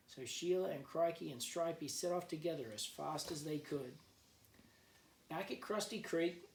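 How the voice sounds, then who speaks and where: Teacher reading a picture book aloud. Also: male voice, on the high side, distant mic. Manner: gentle storyteller who explains words for kids. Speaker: teacher, guest reader. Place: at home, remote learning. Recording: echoey room, voice off-mic, faint background.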